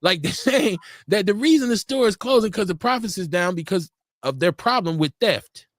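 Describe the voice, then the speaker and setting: A man hosts a casual live talk show in a fairly high voice that rises and falls widely. He tells stories and acts out other people's lines, laughing often. His mic sound is dry, with no room echo. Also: moderate pace. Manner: animated, laughing storyteller acting out quotes. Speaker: show host. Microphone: studio mic for a live stream.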